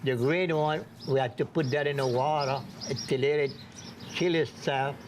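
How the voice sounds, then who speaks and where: A man's voice: mid-range voice, steady tone, moderate pace, noisy background. A man with a Cajun accent from Louisiana, recalling work in a matter-of-fact way. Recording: music under speech.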